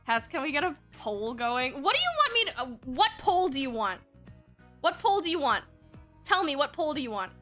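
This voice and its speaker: A young woman streams a game from home, her voice high and bright with a lively, bouncing pitch. She giggles a lot, jokes and swears with her chat, and drops into a flatter tone to read game text. Soft music plays in the background. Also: normal speed. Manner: giggly, playful, swears casually, reads game text aloud. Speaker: livestreamer. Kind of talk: casual gaming stream chat.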